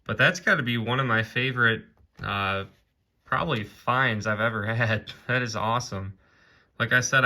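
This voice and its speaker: A man narrating his own coin hunting video in a casual, excited way, often calling out to viewers as "guys". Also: lowish voice. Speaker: coin roll hunting vlogger.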